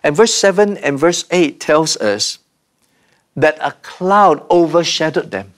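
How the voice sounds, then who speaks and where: Slow, measured male preacher. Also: a little high, very animated. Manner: slow, measured preaching with dramatic pauses and repeated refrains. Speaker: pastor. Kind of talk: sermon.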